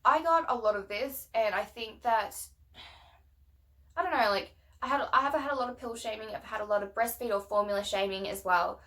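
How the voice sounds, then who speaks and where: A woman's voice: fairly high pitch, brisk, a bit bright. Blunt, swearing young woman vlogger, heated. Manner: heated, emphatic. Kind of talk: casual rant to camera.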